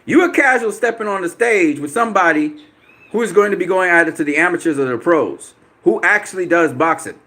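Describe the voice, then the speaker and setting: A man's voice: high-pitched, animated, brisk, pushed and bright. A man hosting a boxing channel, answering viewer comments on a live stream in a combative, profane way, repeating himself for emphasis.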